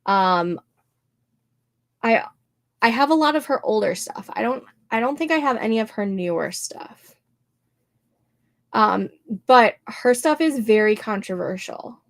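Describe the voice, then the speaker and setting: A woman's voice: on the high side, expressive, measured pace, pauses often. A young woman hosting a writing livestream, chatting casually and laughing often as she reads out comments from viewers. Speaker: livestream host.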